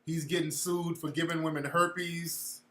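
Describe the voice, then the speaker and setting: Male livestream host, profane casual ranter, sharp bright tone, roomy echo. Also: fairly high pitch, flat delivery, a little slow. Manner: blunt, profane, preachy street talk.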